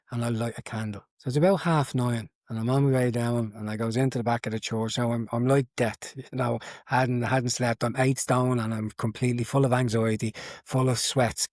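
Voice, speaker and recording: A man's voice: medium pitch, darkish tone, dry recording, clean studio sound. A man sharing his conversion story in an interview, earnest and repetitive, in a casual telling way. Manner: earnest storytelling with many repeats. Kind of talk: casual testimony.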